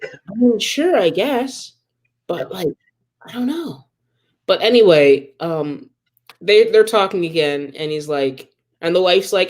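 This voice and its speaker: A man's voice: sits high, expressive, a little slow, a little mellow. A man co-hosting a podcast, casually recapping a comic book plot with many ums and acted-out quotes. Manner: rambling retelling with many ums and quoted asides. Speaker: podcast co-host.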